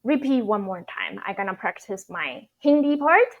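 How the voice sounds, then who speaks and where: A young woman, a native Mandarin speaker, giving a casual online language lesson, explaining slowly with fillers and repeating phrases for practice. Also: mid-range voice, lively intonation, muffled recording. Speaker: language teacher.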